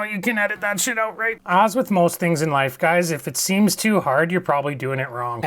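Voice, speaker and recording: A man's voice: on the high side, a bit bright. A man narrating his own home repair tutorial as a dubbed voice-over, joking and mocking himself in slangy terms. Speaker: DIY channel host.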